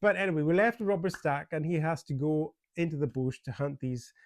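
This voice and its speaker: A man's voice: fairly high pitch, brisk, dry recording. Chatty, amused man reviewing a film. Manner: chatty and amused, with many fillers and restarts and frequent chuckles. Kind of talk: casual spoken movie review.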